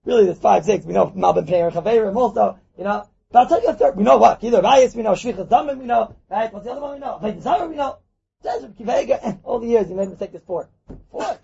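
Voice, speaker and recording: A man with a husky, gravelly voice leads a lively Talmud class. His pitch sits high and swoops around as he acts out scenes for his students, and the recording sounds muffled and lo-fi. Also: quick pace. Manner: animated, acts out little scenes, mixes in Hebrew and Yiddish terms. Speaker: Torah teacher. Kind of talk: animated Talmud class lecture.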